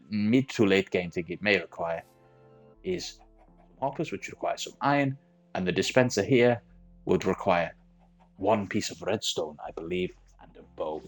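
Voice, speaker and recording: A man narrates a game tutorial, laying out each part in methodical order. His voice sits on the low side yet swings widely in pitch, and his put-on accent drifts as he goes. Soft music plays faintly behind him. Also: slightly rough. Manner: methodical step-by-step explaining; self-admittedly wandering put-on accent. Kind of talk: tutorial voice-over.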